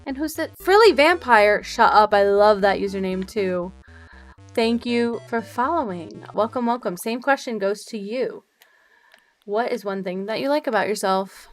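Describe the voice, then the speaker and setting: A young woman streamer chatting casually with her viewers while decorating in a game, bubbly and quick to swear. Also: medium pitch, faint music behind. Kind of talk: casual live-stream chat while gaming.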